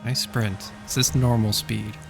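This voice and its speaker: A man's voice: lowish voice, flat delivery, moderate pace, vocal fry, music in the background. A man streaming a video game, chatting casually with his viewers and laughing often. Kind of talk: casual live-stream chat while gaming.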